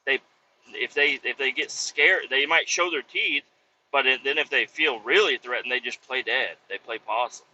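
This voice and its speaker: A Kansas truck driver spins profane, rambling stories from his cab as he drives, acting out the voices of the people he quotes. His voice is mid-range and his pace moderate, heard through dull audio with slight background noise.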